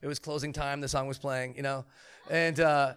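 A man in his thirties telling a humorous testimony story as a preacher, animated and joking. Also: medium pitch, moderate pace, smooth. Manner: animated, joking, acts out quotes.

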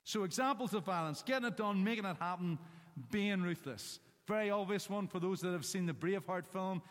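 A man's voice: high-pitched, fairly quick. Man preaching in a reverberant church hall. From Northern Ireland. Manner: punchy, anecdotal delivery with short one-word emphases. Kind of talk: sermon.

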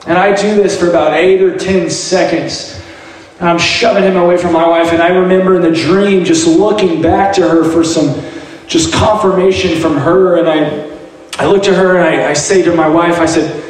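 A man sharing a personal faith testimony in an earnest, halting way, often restarting his words. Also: a little high, fairly even intonation. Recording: very echoey room, heard from a distance, light noise.

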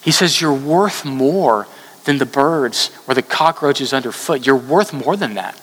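A man, a pastor, preaching an earnest sermon that rises in pitch for emphasis. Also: lively intonation, a little slow, a bit bright, long reverb tail.

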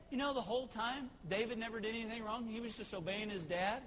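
A man's voice: sits high, fast talker, a bit bright, in a large hall, rough recording. A man preaching a sermon, telling a story conversationally. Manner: storytelling, conversational with acted quotes.

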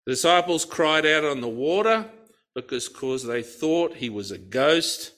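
A man giving a Bible study talk, expressive, with playful asides. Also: on the high side, unhurried. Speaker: Bible teacher.

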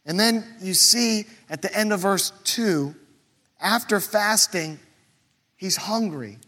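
A man's voice: high-pitched, slow, bright, forceful tone, big-room sound. A man preaching a conversational sermon as pastor, posing questions aloud to the congregation.

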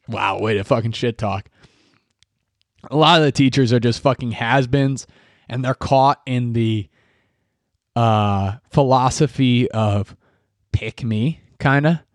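A man's voice: medium pitch, no echo, studio quality. Ranting young man, swears a lot. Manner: profane, rambling and ranty. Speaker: podcast host. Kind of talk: solo ranting podcast. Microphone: podcast microphone.

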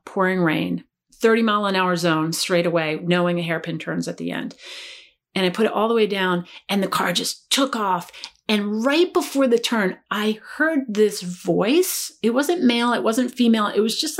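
A woman who works as a life coach, a podcast guest telling a personal story in an earnest, reflective way. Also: medium pitch. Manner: earnest, reflective, dips quiet at tender moments.

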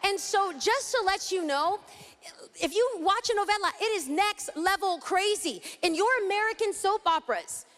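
A woman Bible teacher from East Los Angeles preaching a sermon, dramatic and animated, acting out scenes as she teaches. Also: extremely high pitch, moderate pace. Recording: hall reverb.

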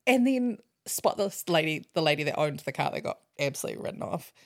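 A young woman, co-hosting a podcast and telling a story in casual, animated chat with plenty of swearing. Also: deep voice, fairly quick. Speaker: podcast co-host.

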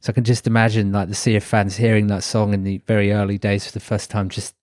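A man's voice: fairly low pitch, flat delivery, quick pace, darkish tone, no room sound, studio quality. A man co-hosting a casual podcast chat, chatty and reflective, laughing often. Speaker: podcast co-host.

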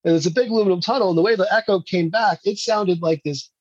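A man's voice: high-pitched, quick pace, breathy edge, lo-fi sound. A man, an indie filmmaker, telling rambling stories in a casual interview and laughing often.

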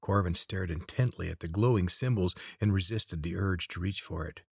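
A man narrating an audiobook in a steady, even storytelling manner. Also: low voice, normal speed, vocal fry, few pauses, husky, no room sound, clean studio sound.

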